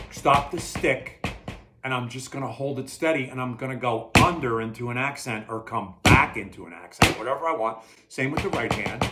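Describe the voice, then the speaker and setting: A man teaching drum hand technique in a relaxed, repetitive way, demonstrating as he talks. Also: medium pitch. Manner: relaxed, repeats himself, talks while playing. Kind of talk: casual demonstration lesson. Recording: loud drumming behind the voice. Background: drum kit playing.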